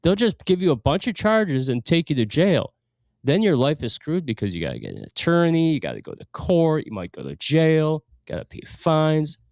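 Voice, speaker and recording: A man's voice: fairly high pitch, huge pitch swings, normal speed, creaky, darkish tone, no room sound, clean studio sound. A man co-hosting a radio show in casual chat, blunt and opinionated, laughing now and then as he talks. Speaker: radio co-host.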